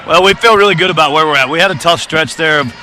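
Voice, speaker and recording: A man who coaches boys basketball rambles through a casual courtside interview as a guest, peppering it with fillers and restarts. He's in a gym during a game, so the background is noisy; his voice is a little high and quick.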